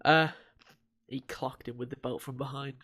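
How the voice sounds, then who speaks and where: A man's voice: mid-range voice, fairly even intonation, moderate pace, pushed and bright. A man co-hosting a podcast, recapping in a rambling way with swearing and laughter. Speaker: podcast co-host. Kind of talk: casual chat.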